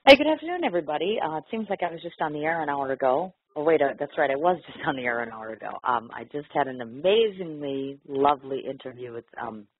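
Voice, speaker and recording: A woman's voice: sits low, animated, quick pace, hardly any pauses, slightly rough. A woman hosting a radio interview, gushing and bubbly, with lots of ums. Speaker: talk radio host. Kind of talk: casual interview chat. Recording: tinny phone-line audio.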